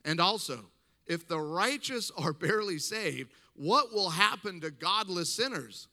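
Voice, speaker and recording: A man's voice: high voice, expressive, measured pace, sharp tone. A middle-aged male pastor preaching a sermon, reading scripture and breaking off into emphatic, conversational asides.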